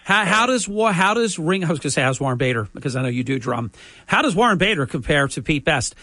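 Host asking rambling questions, dry sound. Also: male voice, a little high, big pitch swings, fast, pushed and bright, no echo. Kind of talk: interview.

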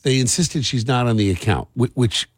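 A man with a New Jersey accent hosting morning radio, telling a story in an animated, exasperated way. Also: medium pitch, moderate pace, husky, no room sound, studio quality. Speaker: radio show host.

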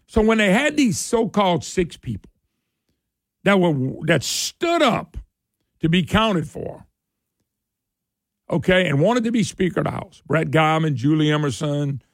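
A man hosts a political talk radio show, sarcastic and folksy as he rails on. His voice sits high and carries a gravelly fry. The studio sound is dry and close. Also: expressive, measured pace, pauses often, no room sound.

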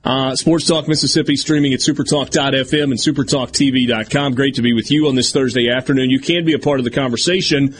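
A man hosting a sports talk radio show, chatting casually and tossing in quick asides. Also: medium pitch, fairly even intonation, a little hiss or hum.

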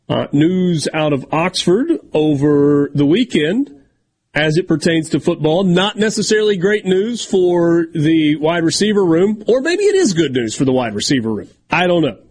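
Sports radio host, male, slightly high husky voice, talkative, leads the chat. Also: lively intonation, moderate pace, a little mellow. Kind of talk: casual sports talk banter, reads ad copy.

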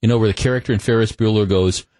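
A man's voice: fairly low pitch, fairly even intonation, very fast, a little mellow. A man hosting a talk radio show, telling a story in a conversational monologue full of restarts, on a studio microphone.

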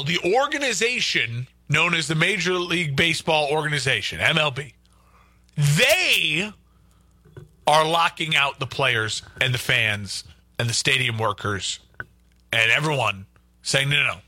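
A man's voice: a little high, sharp tone, no room sound. A man hosting a local sports talk radio show, arguing his points emphatically and repeating them for stress.

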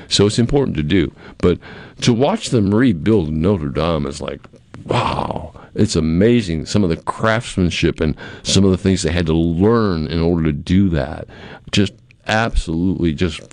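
A man's voice: deep voice, darkish tone, no echo. A man hosting a talk radio show, chatting casually with many restarts and chuckles. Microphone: studio microphone.

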